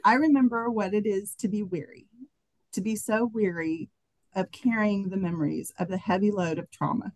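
A woman reading a personal piece aloud, emotional and halting. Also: medium pitch, darkish tone, no room sound, rough recording. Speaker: workshop participant reading her writing. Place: conference workshop room.

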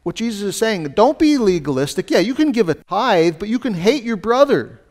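A man's voice: high-pitched, moderate pace. Male pastor, sermon delivery, conversational with casual asides, lifts his voice to stress points. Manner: animated, rising emphasis on key points.

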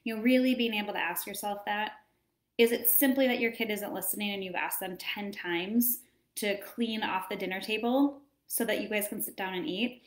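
In a room with a noticeable echo, a woman in her thirties who works as a wellness coach chats about parenting at a moderate pace. Relaxed and lively, with a mid-range pitch, she acts out small scenes in this casual advice talk.

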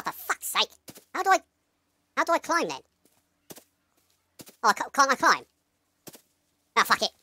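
A woman plays through a game and narrates every move to herself, swearing freely and reacting loudly to each surprise. Her voice sits high and swoops all over, with a bright, sharp edge. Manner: excitable, swears a lot, talks to herself, yelps and laughs. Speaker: gamer playing a horror game. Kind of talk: swearing, laughing let's-play commentary.

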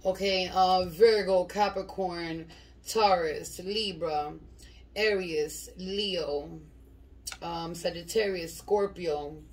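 A woman with a lowish, fairly even voice speaks slowly as she gives her viewers a casual tarot reading, blunt, slangy and profane, rambling along. The mic is distant, with clear background noise and clicks.

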